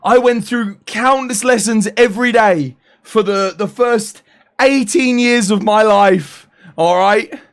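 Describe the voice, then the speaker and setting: A young British man chatting casually on a live stream, animated and laughing in exasperated banter. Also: high voice, takes it slowly. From United Kingdom.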